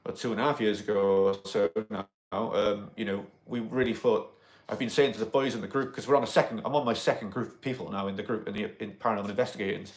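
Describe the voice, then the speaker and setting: A man's voice: fairly low pitch, fairly even intonation, fast talker. A man hosting a casual livestream, rambling with many fillers and greeting viewers by name. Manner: rambling, full of "you know" fillers. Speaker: livestream host.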